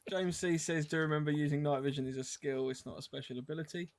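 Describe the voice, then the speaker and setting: A man's voice: fairly high pitch, fairly even intonation, fast talker, no echo. Guy reading out listener questions on a podcast, casual. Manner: reads listener messages, self-deprecating.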